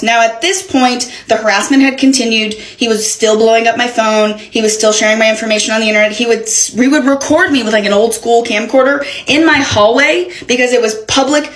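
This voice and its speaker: Animated, swearing young woman telling a story. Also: fairly high pitch. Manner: animated, profane, dramatic retelling. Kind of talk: casual storytime vlog. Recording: echoey room.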